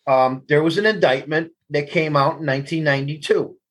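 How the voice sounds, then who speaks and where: A man's voice: a little high, brisk, low-quality recording. A man, a guest telling blunt, profane stories in an interview. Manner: blunt, profane, laughs through anecdotes. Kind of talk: candid storytelling interview.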